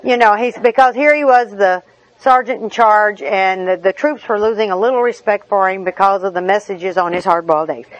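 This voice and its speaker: A woman's voice: medium pitch, steady tone, normal speed, no room sound, dull audio. A middle-aged woman, giving a personal recovery talk in a humorous, chatty storytelling manner with asides. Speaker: recovery meeting speaker.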